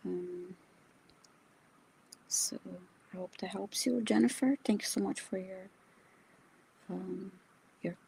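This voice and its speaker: A woman's voice: fairly low pitch, steady tone, measured pace, vocal fry, pauses often, slight background noise, poor audio. A woman co-hosting a live spiritual reading, speaking hesitantly and earnestly. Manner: hesitant, many fillers and restarts, softly earnest. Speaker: co-host reader.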